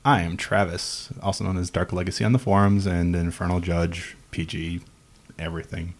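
Low-voiced teasing male podcast host. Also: little pitch movement, moderate pace. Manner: playful, teasing, laughs often. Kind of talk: casual chat.

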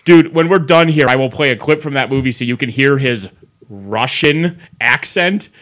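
A man's voice: medium pitch, moderate pace. Guy on a podcast going off about stuff, swears a lot, laughs a lot, gets really worked up. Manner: animated, profane, enthusiastic rants with laughter. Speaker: podcast co-host. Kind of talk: casual chat.

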